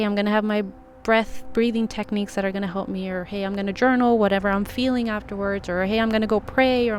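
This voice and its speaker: A woman's voice: medium pitch, slight background noise. A woman talking straight to camera with earnest, encouraging life advice, full of casual fillers, over faint background music. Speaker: intuitive advice vlogger. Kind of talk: casual heartfelt advice monologue.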